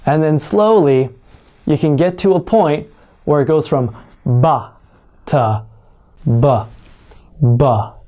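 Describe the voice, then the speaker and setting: Teaching pronunciation online, this native English speaker talks deliberately, exaggerating sounds as demonstrations. The medium-pitched voice is expressive with a dark tone.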